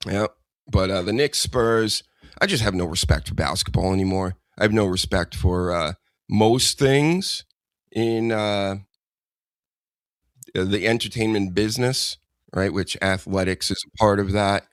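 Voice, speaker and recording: A man with a lowish voice hosts a laid-back comedy podcast, rambling from topic to topic and ribbing his guest. The sound is close and dry, with almost no room around him. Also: measured pace, dry recording. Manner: rambling, joking, teasing. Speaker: podcast host. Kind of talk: casual comedic chat.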